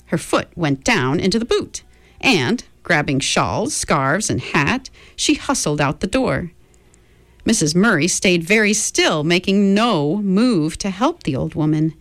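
Woman radio host, story reading, slow and lively, dry close sound. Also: on the low side, dry recording. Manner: warm and expressive reader, chatty between songs.

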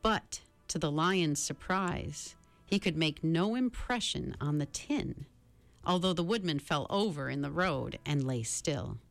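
A woman narrates a storybook in a measured, expressive way. Her voice is on the low side, with plenty of rise and fall. Soft music plays faintly beneath her. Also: creaky.

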